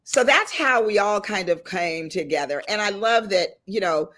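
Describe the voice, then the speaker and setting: A middle-aged woman hosting a casual chat and telling stories with animated delivery. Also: medium pitch, moderate pace. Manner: lively storyteller, animated and laughing. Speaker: host. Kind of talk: casual chat on a video call panel.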